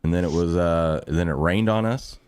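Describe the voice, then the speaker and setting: A man with a low voice hosts a live sports talk show. He tells loose road-trip stories, laughing as he goes, and greets the chat. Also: darkish tone, smooth. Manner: laughing, storytelling, quick asides.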